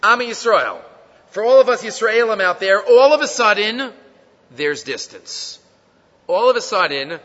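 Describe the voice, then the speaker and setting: A man teaching the weekly Torah portion, animated and full of rhetorical questions, reading Hebrew quotes and explaining them in English. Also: high voice, moderate pace. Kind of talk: Torah lecture. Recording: dull lo-fi recording in a reverberant hall.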